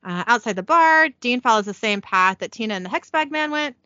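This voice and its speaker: Woman host, chatty and irreverent, bright voice, animated delivery, dry and slightly muffled recording. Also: fairly high pitch, a little fast, no room sound. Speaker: podcast host. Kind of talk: casual episode recap.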